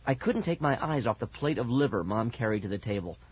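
Guy reading a kids book aloud, voice bounces around a lot, kinda husky, muffled lo-fi sound. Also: medium pitch, a little fast, no room sound. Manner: lively expressive reading. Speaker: audiobook narrator. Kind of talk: children's storybook narration. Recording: dull lo-fi recording.

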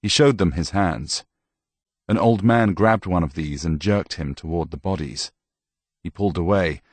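A man reading a novel aloud with measured, even storytelling, close to the mic. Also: deep voice, no room sound. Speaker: audiobook narrator. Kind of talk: scripted narration.

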